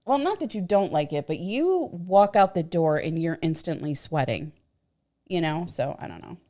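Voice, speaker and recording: A woman's voice: lowish voice, very animated, moderate pace, dark tone. A woman co-hosting a casual livestream, chatty and teasing, reading out viewer comments and laughing easily. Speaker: livestream co-host.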